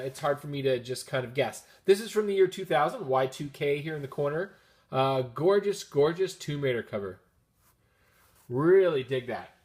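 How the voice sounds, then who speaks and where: Canadian guy vlogging his comics at home, upbeat and rambly, voice sits a little high. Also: darkish tone. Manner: chatty and upbeat, rambling asides. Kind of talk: casual chat.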